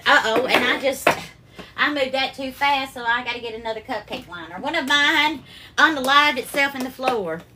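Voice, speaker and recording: A woman's voice: high-pitched, normal speed, sharp tone, a little hiss or hum. A woman with a Southern accent hosting a live cooking stream from her home kitchen, chatting affectionately with viewers and calling them darling. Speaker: cooking livestream host.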